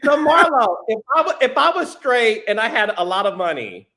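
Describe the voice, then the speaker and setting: A very high, bright-voiced man hosting a casual podcast chat. He is playful and laughs a lot, now and then sliding into a lower, put-on tone for a joke. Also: sing-song, normal speed. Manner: playful, laughs often, slips into a deeper put-on voice. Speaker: podcast host.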